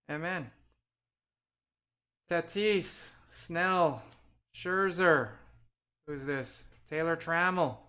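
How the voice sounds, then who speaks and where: A man's voice: a little high, slow pace, pauses often, pushed and bright. A man hosting a live card break, calling out player names one by one as he opens packs and chatting with viewers. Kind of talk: live-stream pack opening.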